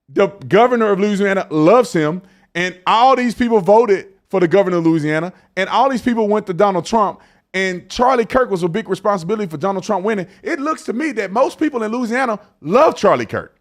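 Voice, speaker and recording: A man hosting a casual commentary show, talking in an animated, slangy way that climbs to excited emphasis. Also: sits high, moderate pace.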